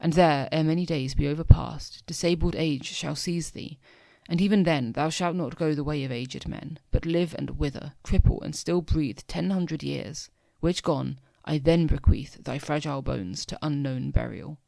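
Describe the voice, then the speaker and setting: A man's voice: fairly high pitch, normal speed, creaky, warm tone, dry recording. A young man reading the part of a cruel sorceress goddess, taunting in mock-tender verse.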